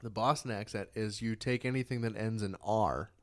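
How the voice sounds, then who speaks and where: A man's voice: on the low side, moderate pace. A young man co-hosting a podcast in casual chat, swearing freely, laughing often and trying out regional accents. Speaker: podcast co-host.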